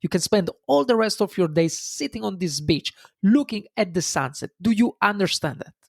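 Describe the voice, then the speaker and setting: A man's voice: sits high, expressive, moderate pace, gravelly, no room sound, clean studio sound, voice pushed up, heavily acted. A man voicing an impatient businessman who lectures and insists. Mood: lecturing. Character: pushy, impatient male businessman, growing angry.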